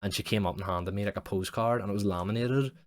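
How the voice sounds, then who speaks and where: A young man with a deep voice rambles through a story on his podcast. He swears freely and fills nearly every pause with "like". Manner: rambling, sweary, heavy use of "like". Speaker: podcast host. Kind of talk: casual storytelling monologue.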